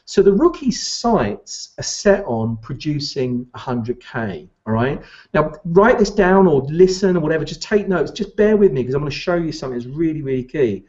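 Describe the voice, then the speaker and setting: Animated male business coach, lo-fi. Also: on the high side, brisk. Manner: animated, addresses listener directly with rhetorical questions. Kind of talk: direct-to-camera coaching talk.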